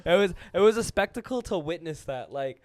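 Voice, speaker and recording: A young man with a high voice tells a story on a podcast with animated, chatty energy. He fills his talk with "like" and acts out other people's voices as he goes. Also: brisk. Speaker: podcast host. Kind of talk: casual storytelling chat.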